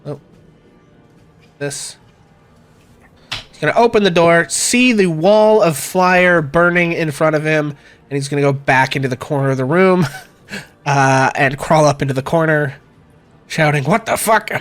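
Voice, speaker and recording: A man runs a tabletop game as game master, talking loosely with lots of fillers. His voice sits a bit high, and he stays relaxed throughout. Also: measured pace, pauses often, soft background music. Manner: relaxed, many fillers, chuckling.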